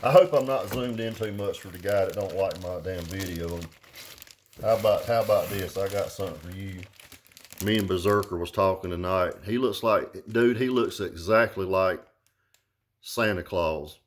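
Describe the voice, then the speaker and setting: A man's voice: sits low, normal speed, slight background noise. Rambling, profane man chatting casually. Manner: rambling, profane, loud and jokey. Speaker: vlogger reviewing car audio gear. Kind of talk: casual unboxing chat.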